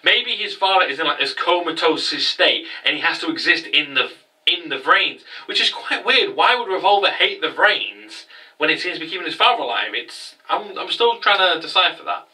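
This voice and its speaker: An excitable man talks through an anime episode in a casual, profane vlog recap. His voice is bright and edgy and sits a little high. He is a bit away from the microphone. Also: recorded from a distance, low-quality recording. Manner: excitable, sweary, quick asides. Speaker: anime review host.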